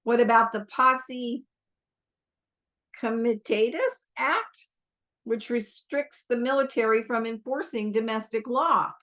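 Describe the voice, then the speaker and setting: A sharp female CIA officer presses with pointed questions, read by a woman. The delivery is slow and measured, like an audiobook. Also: on the high side.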